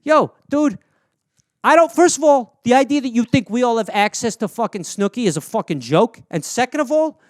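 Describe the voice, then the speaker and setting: A man's voice: very high voice, lively intonation, moderate pace, dry recording, clean studio sound. A man playing a foul-mouthed, belligerent male tough guy, in a comedy bit. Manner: swearing, threatening, belligerent.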